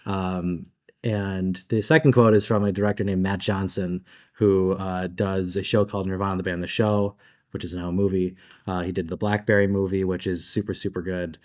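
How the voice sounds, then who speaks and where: Low-voiced chatty male game designer. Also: moderate pace. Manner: animated, chatty, laughs between thoughts, uses filler like "like". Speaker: game designer, panel guest. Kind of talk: convention panel talk.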